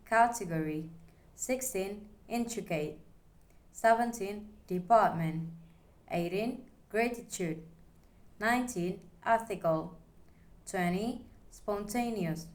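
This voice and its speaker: A woman reading a phonology class presentation aloud, slowly working through examples one at a time. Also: on the low side. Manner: slow, careful, reads examples one by one. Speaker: student presenter.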